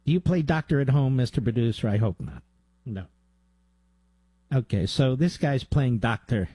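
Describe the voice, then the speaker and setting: A man's voice: mid-range voice, expressive, normal speed, mellow, slightly rough, no echo. A man hosting a talk radio show, delivering a combative monologue with sarcastic asides to his producer.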